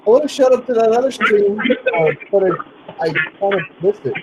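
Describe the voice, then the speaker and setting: A man chatting in a slow, rambling way on a livestream, chuckling often. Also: sits high, lively intonation, muffled recording. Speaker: livestream guest. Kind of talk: casual livestream chat. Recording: noisy call audio.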